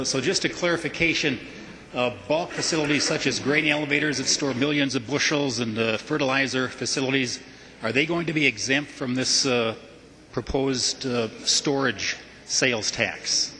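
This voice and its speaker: A man's voice: medium pitch, bright, forceful tone, slight background noise. A man, a state representative, poses hesitant questions full of "uh" during a legislative floor debate. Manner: hesitant, with many "uh" fillers. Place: large legislative chamber. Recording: long reverb of a large chamber.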